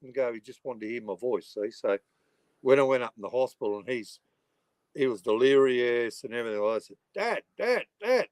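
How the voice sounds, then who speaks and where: A middle-aged man with an Australian accent rambles through a casual livestream, swearing freely and padding his talk with "you know." His voice sits at an ordinary pitch for a man. The sound is dry and close, with no room echo. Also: fairly even intonation, fairly quick, darkish tone. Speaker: livestreaming channel host.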